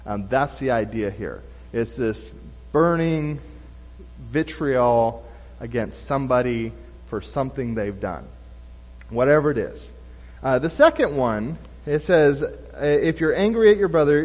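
A man's voice: medium pitch, lively intonation, a little slow, a little mellow, big-room sound, muffled recording. A man giving a sermon, reading scripture and then explaining it loosely, with many fillers and restarts. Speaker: preacher.

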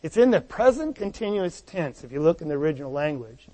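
A man with a high voice delivers a sermon. He preaches in an animated way and keeps asking the congregation rhetorical questions. His voice rings with the long reverb of a hall. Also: fast talker. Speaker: pastor.

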